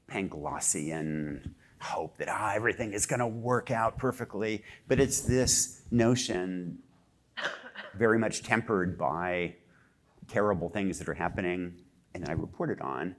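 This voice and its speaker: A man with a very low voice talks on a discussion panel, pausing often and filling gaps with hesitant sounds. He is a journalist who speaks with growing animation. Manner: halting, many filler sounds, grows more animated.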